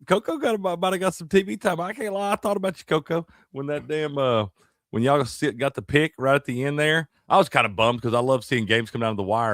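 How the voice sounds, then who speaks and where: A man's voice: a little high, fast talker, a bit bright, no echo, studio quality. A man co-hosting a live sports betting show, bantering casually with slang and greeting viewers. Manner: easygoing, drawling banter with slang. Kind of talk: casual live-stream chat.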